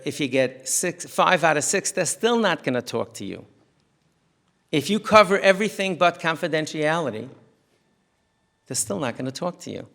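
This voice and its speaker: A man's voice: fairly high pitch, creaky. A middle-aged man from the United States, a rabbi, lecturing a community audience in a synagogue hall. He tells stories animatedly and often restarts his sentences. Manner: animated storyteller who acts out quotes, with frequent restarts. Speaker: rabbi giving a parenting talk.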